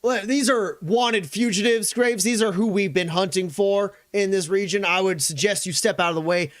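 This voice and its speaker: A man's voice: high voice, normal speed, dry recording, studio quality, voice pushed up, close to an everyday voice. A man voicing a stern, threatening male colonel who barks orders and threats in a raised, commanding voice. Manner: loud, commanding, menacing.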